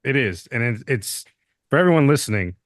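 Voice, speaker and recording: A man's voice: medium pitch, lively intonation, fairly quick, no room sound, clean studio sound. A man hosting a podcast, joking and sarcastic in casual political chat. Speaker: podcast host.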